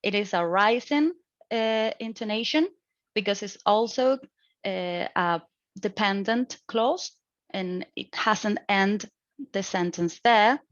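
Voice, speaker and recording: Young adult woman, student exam explanation, deliberate and hesitant, slow pace, dry muffled home recording. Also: mid-range voice, no echo. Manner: slow, deliberate, with hesitant restarts and grammar slips.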